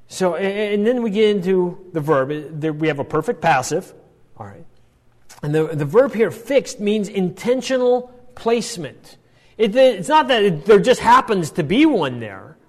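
A man's voice: high voice, a little mellow, long reverb tail. A man teaching a Bible passage, explaining step by step and checking in often with "all right" and "right?".

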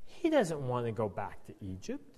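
A man teaching a conversational Bible lesson with animated, wry asides and frequent stammered restarts, in a reverberant hall. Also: medium pitch, normal speed.

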